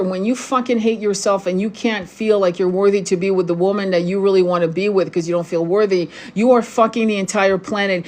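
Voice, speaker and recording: A middle-aged woman speaks in a voice of ordinary pitch, ranting on a livestream as a tarot reader and spiritual guide. She is angry, profane and confrontational, swearing freely as she lectures her viewers. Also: a little mellow.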